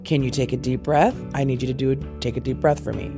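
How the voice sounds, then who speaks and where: A woman in her forties intensely retelling a family story, with halting restarts and acted-out quoted dialogue. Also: very deep voice, steady tone, music in the background. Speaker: interviewee. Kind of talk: personal storytelling.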